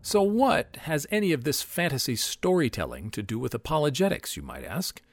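A man giving a lecture on apologetics who reads story passages aloud in an expressive way. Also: fairly high pitch, normal speed, a little hiss or hum. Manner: expressive, lively reading voice. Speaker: Christian apologetics teacher. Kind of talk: lecture with read-aloud quotations.

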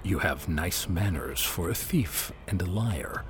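A man's voice: low-pitched, lively intonation, a little slow, over music, pitched below the performer's own voice. A man reading aloud, voicing a vain, cunning old male dragon who speaks in a sneering way. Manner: sneering, scoffing.

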